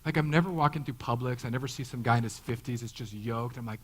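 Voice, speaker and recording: A man's voice: mid-range voice, quick pace, slightly rough, poor audio. A man in his thirties, a pastor giving a conversational sermon, joking and acting out the voices he quotes. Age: 30s.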